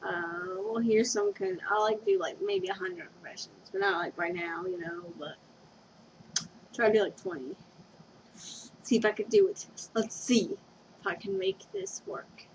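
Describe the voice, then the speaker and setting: A young woman talks a little slowly in a mid-range voice, rambling through a casual confession vlog at home. She's giggly, scatterbrained and often loses her train of thought. The dull lo-fi webcam recording has a little hiss or hum.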